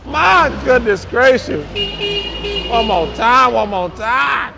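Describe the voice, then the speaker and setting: Outdoors, a forklift salesman demos a lift in a very high-pitched, creaky voice that moves slowly but with lively intonation. Exuberant and hyped, he repeats his praise and whoops as he drives, with faint outdoor and vehicle noise behind him.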